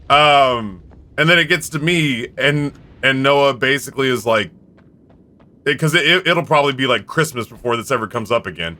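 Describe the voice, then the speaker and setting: A man's voice: medium pitch, bright, forceful tone. A man streaming live, telling stories in a rambling, candid way. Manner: rambling, candid storytelling with quick impressions. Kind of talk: casual chat.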